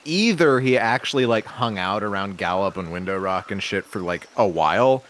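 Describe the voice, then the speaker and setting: A man's voice: lowish voice, lively intonation, moderate pace, a bit bright, slight background noise. A man making wry, rambling asides on a let's-play stream. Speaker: co-host. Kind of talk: casual let's-play chat.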